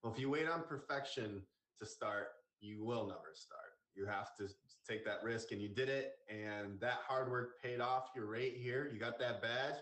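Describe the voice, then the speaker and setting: A man's voice: medium pitch, normal speed, hardly any pauses, a bit bright. A man hosting a live stream, upbeat, giving hype-man praise to a guest. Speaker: live-stream show host. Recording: echoey room with faint noise.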